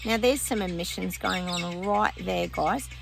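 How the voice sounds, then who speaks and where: Gravelly woman psychic vlogger. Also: lowish voice, a little slow, music in the background. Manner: chatty, breaks off to talk to her dog. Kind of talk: casual predictions monologue. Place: outdoors with a dog nearby.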